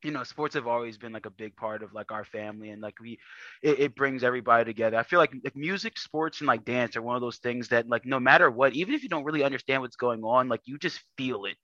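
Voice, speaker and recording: A man's voice: mid-range voice, fast, no echo, lo-fi sound. A man talking casually as a podcast guest, telling family stories with lots of fillers. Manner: storytelling, animated with frequent fillers. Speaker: guest athlete.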